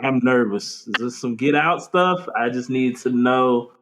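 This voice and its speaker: A man's voice: medium pitch, a little slow, a little hiss or hum. A young man from Florida co-hosting a faith podcast, telling stories with lots of laughter and acted-out quotes. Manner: animated storyteller, acts out quotes, laughs often. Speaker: podcast co-host. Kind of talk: casual chat.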